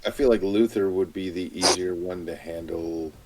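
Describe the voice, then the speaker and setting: A man's voice: low-pitched, fairly even intonation, normal speed, noisy background. A man playing a tabletop game, chatting casually in a hesitant, wry way. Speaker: player.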